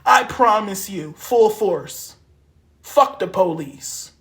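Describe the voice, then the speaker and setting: A man's voice: sits high, animated, slow pace, fairly bright tone. A man from Harrisburg, Pennsylvania, ranting into his phone on a live stream, heated and profane. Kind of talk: angry live-stream rant.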